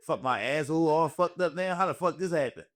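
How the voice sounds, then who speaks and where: A young man with a fairly quick, high-leaning voice hosts a casual podcast as a comedian. His storytelling chat is profane and punctuated by bursts of put-on voices.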